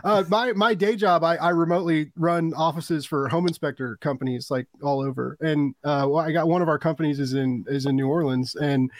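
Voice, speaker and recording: Man, podcast host, rapid talk, dry close sound, rambling storyteller. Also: fairly high pitch, fairly even intonation, no room sound. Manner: rambling storyteller, chatty with restarts. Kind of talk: casual chat.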